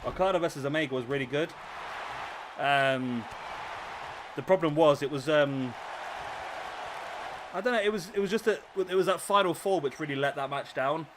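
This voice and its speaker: A man's voice: on the high side, normal speed, pauses often. Jokey man streaming a game. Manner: excitable, jokey, bantering with chat. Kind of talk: live-stream wrestling game commentary. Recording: game crowd noise behind voice. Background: wrestling game crowd and arena noise.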